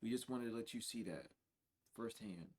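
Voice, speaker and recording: A man giving a spiritual reading on a livestream in a casual, profane way, dropping to low mutters and then bursting out loud and laughing. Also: moderate pace, slightly rough. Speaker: spiritual reader.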